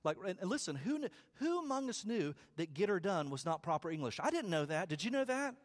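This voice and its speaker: Very animated and a little fast, a pastor preaches in a conversational manner. He repeats words and works his way up to loud, high climaxes.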